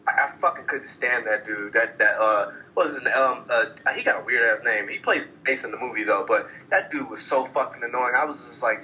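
A man's voice: medium pitch, brisk, few pauses, highs cut off, a little hiss or hum. A man ranting casually about a movie, swearing a lot and acting out lines from it. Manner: animated, profane, acts out quoted lines. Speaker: movie reviewer. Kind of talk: casual profane movie rant.

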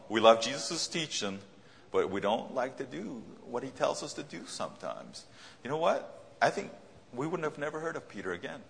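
A man's voice: mid-range voice, very animated, moderate pace, vocal fry, fairly bright tone, big-room sound. A man preaching a sermon in a conversational way, often repeating his key phrases.

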